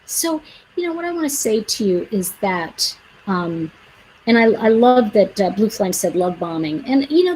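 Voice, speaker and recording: A woman's voice: fairly high pitch, big pitch swings, normal speed, darkish tone, a little hiss or hum, poor audio. A woman host talking to her viewers in a casual, chatty way. She tells stories, acts out what people said and gives earnest advice. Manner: chatty, acts out quoted dialogue; earnest, advising. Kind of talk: casual livestream storytelling.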